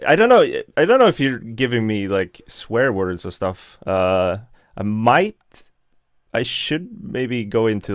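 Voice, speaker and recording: A man's voice: lowish voice, clean tone, no echo, studio quality. A young man, chatting casually and laughing often as he reads out and answers live chat. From Sweden.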